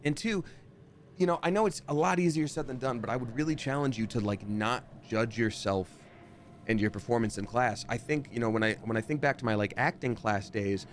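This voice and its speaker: A man streaming a game live, chatting and reading out chat, breaking into loud surprised outbursts. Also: mid-range voice, a little fast, a little hiss or hum.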